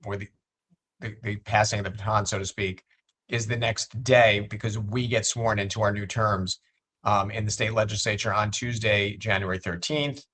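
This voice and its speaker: A man who is a state legislator, a guest on a political interview show, making his points in a measured way and often repeating words as he builds them. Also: on the low side, steady tone, a bit bright.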